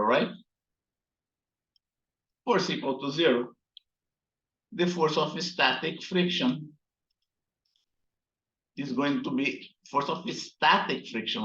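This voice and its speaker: A man gives a physics lecture at a slow, deliberate pace, stopping often to ask his students "right?" while he edits his slides. The recording sounds roomy and echoey, with a dull, muffled tone. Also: mid-range voice, fairly bright tone. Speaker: physics instructor.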